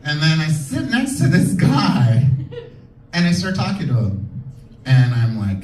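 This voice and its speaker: A man doing a stand-up comedy set, animated and campy, shouting his punchlines. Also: on the high side, measured pace, far from the mic, slight background noise. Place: comedy club stage. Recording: echoey club heard from afar. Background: laughing crowd.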